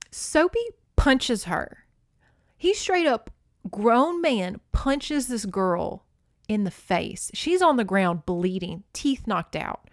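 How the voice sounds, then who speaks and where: A woman's voice: fairly high pitch, no room sound, clean studio sound. A young woman hosting a podcast, recapping a novel in a casual, chatty way with wry, sarcastic asides. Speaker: podcast host. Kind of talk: casual book recap with commentary.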